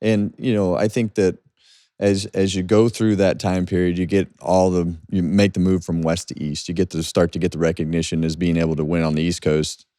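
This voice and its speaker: A man hosting a podcast, asking halting questions and adding short replies. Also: sits low, level tone, dark tone, no room sound, studio quality. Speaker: podcast host. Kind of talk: casual interview.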